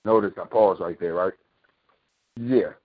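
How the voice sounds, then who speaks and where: A talk show host with a low-sitting voice speaks a little slowly as he delivers a heated, opinionated monologue. The preachy rant is full of swearing and sarcastic rhetorical questions, and the recording has a tinny, phone-like quality.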